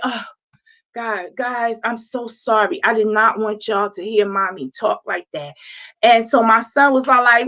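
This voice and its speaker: Bright, animated woman telling a story. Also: fairly high pitch. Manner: animated, laughing, acts out quoted voices. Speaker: host. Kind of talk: casual storytelling monologue.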